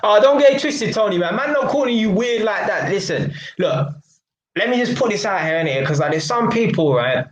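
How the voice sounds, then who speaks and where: A young man with a high-pitched, animated voice talks fairly quickly on his own live stream in an echoey room. His casual chat is blunt and mocking, full of London slang and frequent laughter.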